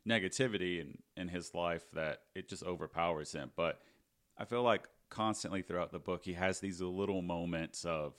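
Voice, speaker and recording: A man's voice: low voice, normal speed. A man co-hosting a podcast, chatting casually about a book with a dry, sardonic humor. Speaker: podcast co-host. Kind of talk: casual book-discussion chat.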